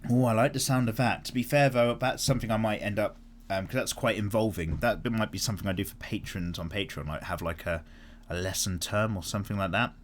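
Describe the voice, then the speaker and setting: A man hosting a casual art vlog, chatting and answering viewer comments in an animated way, swearing freely as he goes. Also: lowish voice, a little fast, slight background noise. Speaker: art channel host.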